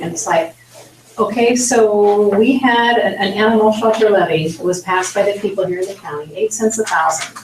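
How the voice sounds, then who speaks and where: A woman's voice: medium pitch, steady tone, normal speed, background noise. A woman commissioner speaking plainly and defensively at a public meeting. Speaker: county commissioner. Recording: roomy meeting hall from far off.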